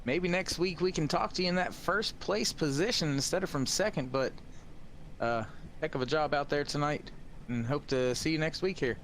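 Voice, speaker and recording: A man's voice: a little high, moderate pace, a bit bright, slight background noise. A man commentating from the broadcast booth, talking casually and repeating folksy phrases. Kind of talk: post-race commentary.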